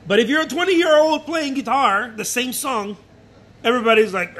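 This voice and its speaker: A man's voice: very high voice, normal speed. A painter whose first language is Spanish, chatting casually and animatedly in his studio and acting out other people. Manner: animated, repeats himself, acts out other people. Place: art studio.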